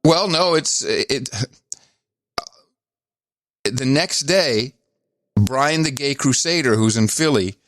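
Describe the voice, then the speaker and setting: A man's voice: mid-range voice, takes it slowly, long pauses, no room sound, clean studio sound. Teasing, sarcastic man co-hosting a podcast. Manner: teasing, sarcastic, animated storytelling. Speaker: podcast co-host. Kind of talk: casual political chat.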